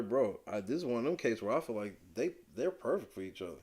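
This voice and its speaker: A man co-hosts a podcast, talking very fast with few pauses in an expressive voice. In casual chat he delivers blunt, profane, slang-filled takes on reality TV, lurching from a low mutter into loud, emphatic rants.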